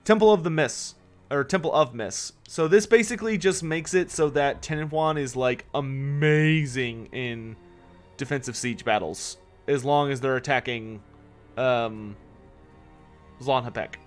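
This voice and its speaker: A man with a mid-range voice talks unhurriedly over faint background music. He's live-streaming a strategy game, chatting and replying to chat questions, yawning with fatigue and letting out swears when frustrated.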